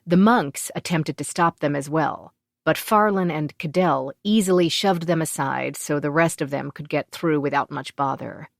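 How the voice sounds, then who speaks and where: Low-voiced woman narrating an audiobook. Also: gravelly, no room sound, clean studio sound. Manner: even, measured storytelling. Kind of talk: scripted narration.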